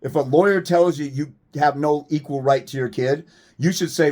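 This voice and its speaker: A man's voice: fairly high pitch, normal speed, darkish tone. Blunt, profane man ranting to camera. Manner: emphatic, rhetorical questions. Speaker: fathers' rights advocate. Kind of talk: direct-to-camera rant.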